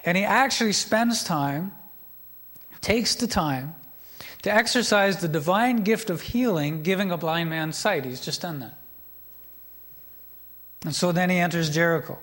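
Pastor, man, middle-aged, high pitched; storytelling sermon with asides to the congregation. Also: unhurried, pauses often, a bit bright.

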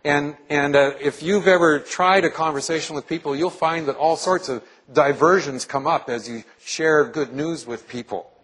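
A man's voice: fairly high pitch, normal speed, hardly any pauses, fairly bright tone, slightly rough, poor audio. A male pastor preaching a sermon to his congregation in a church, earnestly asking them questions.

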